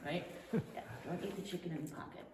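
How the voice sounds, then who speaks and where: A woman dog trainer running a live demonstration, praising her dog in a bright, upbeat voice between calm explanations. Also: on the low side, quick pace. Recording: echoey hall from a distance, noisy.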